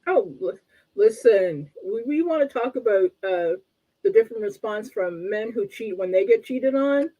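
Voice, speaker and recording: A woman's voice: mid-range voice, expressive, moderate pace, warm tone, dull audio. A woman from Canada co-hosting a relationship talk show as a coach, wry and politely blunt, often laughing. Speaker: co-host and coach.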